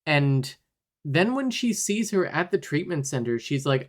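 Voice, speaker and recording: A man's voice: mid-range voice, animated. A man co-hosting a podcast, recapping a movie in wry casual chat and acting out the characters' lines. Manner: wry, acts out characters' lines in quick bursts. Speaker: podcast co-host.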